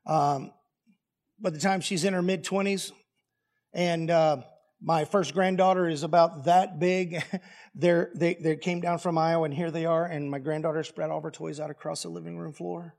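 A middle-aged man preaching in a relaxed, homespun way, full of wry humor. His voice sits high for a man. He tells family stories as sermon lessons. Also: moderate pace, gravelly. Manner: folksy, plainspoken and humorous. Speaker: pastor. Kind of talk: storytelling sermon.

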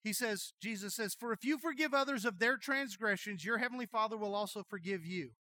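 A middle-aged man preaching a sermon as pastor, telling folksy jokey stories in an animated way. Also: sits high, brisk, no echo.

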